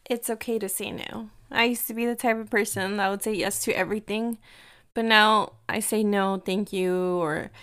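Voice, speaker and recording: A woman's voice: mid-range voice, steady tone, fairly bright tone, clear, resonant tone. A woman in her thirties from the United States, hosting a casual podcast and telling stories in a chatty way, slipping in Spanish phrases. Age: 30s. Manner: chatty storyteller mixing in Spanish phrases, quick bursts and laughs. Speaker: podcast host. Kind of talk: casual chat.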